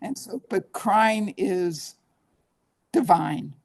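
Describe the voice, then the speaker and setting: A woman's voice: mid-range voice, lively intonation, very slow, creaky, a little mellow. Earnest woman coaching on emotions. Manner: earnest, coaching, acts out clients' voices. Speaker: guest therapist. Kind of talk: interview conversation.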